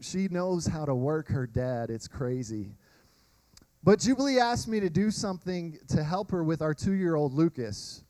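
A man preaches a sermon in a high, bright voice. He tells lively personal stories and talks straight to the congregation. The sound is dry and close, with no room echo. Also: measured pace. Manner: animated storytelling, addresses crowd as y'all. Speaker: pastor.

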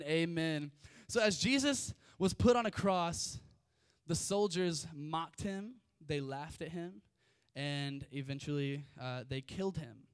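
A man's voice: a little high, smooth, no echo, studio quality. A young man preaching a casual sermon, reading scripture with chatty, informal asides. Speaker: youth preacher.

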